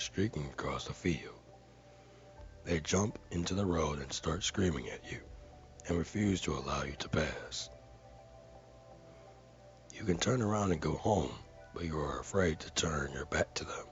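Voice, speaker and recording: A man's voice: deep voice, highs cut off. A man earnestly reading a viewer comment aloud, carefully and with dramatic stresses.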